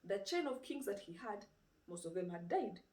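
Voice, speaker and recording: In a roomy recording made with the mic far off, a woman with a medium-pitched voice preaches at a moderate pace. Her informal sermon retells a story vividly, peppered with rhetorical questions and repeated "you know".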